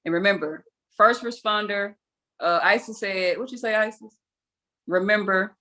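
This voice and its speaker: A woman's voice: mid-range voice, moderate pace, sharp tone. A young adult woman hosting a weekly video call, telling a story casually, with a chatty, self-mocking manner and frequent laughs.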